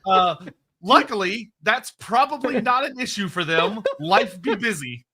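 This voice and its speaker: Male stream co-host, higher bright voice, chatty and self-correcting. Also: lively intonation. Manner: quick, digressive, laughing, self-correcting. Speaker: co-host answering chat questions. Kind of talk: casual lore chat on a livestream.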